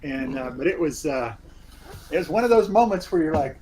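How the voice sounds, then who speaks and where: A man who acts in community theatre, telling animated anecdotes in a casual chat. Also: a little high, fairly quick, a little hiss or hum, low-quality recording. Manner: animated storyteller, does voices in quotes. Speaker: community theatre actor guest.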